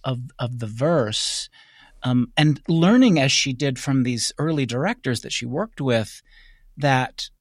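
A man's voice: mid-range voice, lively intonation, unhurried, dry recording. Dry-sounding man hosting an interview. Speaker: interviewer, host. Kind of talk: interview presenting and questioning.

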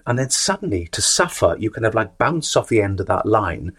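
A man with a low, husky voice speaks as an interview guest. He talks thoughtfully, circling and repeating words as he searches for how to put things. He sounds like an actor and teacher reflecting on his craft. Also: big pitch swings, fairly quick, few pauses, a bit bright.

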